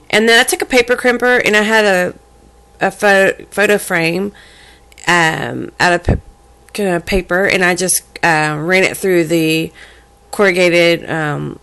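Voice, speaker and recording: A woman casually showing a handmade craft box and mini album to the camera, halting often with fillers and restarts and apologizing as she handles things. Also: mid-range voice, a bit bright. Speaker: crafting vlogger. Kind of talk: casual show-and-tell craft demo.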